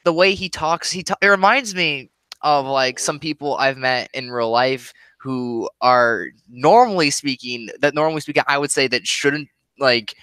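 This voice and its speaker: Midwestern man streamer, casual and rambly, bright tone, dry close sound. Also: medium pitch, moderate pace, clean tone, no echo. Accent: Midwestern, Chicago-area. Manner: rambling, laughing often, swearing casually. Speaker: streamer and YouTuber. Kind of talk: casual chat on a live stream.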